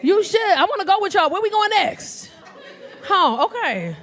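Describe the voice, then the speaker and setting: This is stand-up comedy from a woman comedian whose voice is high and lively, delivered at a moderate pace. Her style is brash, full of crowd work and acted-out voices, recorded live in a club with the audience laughing.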